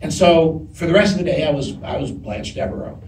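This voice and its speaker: A man telling a story to a live audience on stage, animated and often breaking into laughter. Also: a little high, fairly quick, creaky. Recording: echoey distant live room recording with noise.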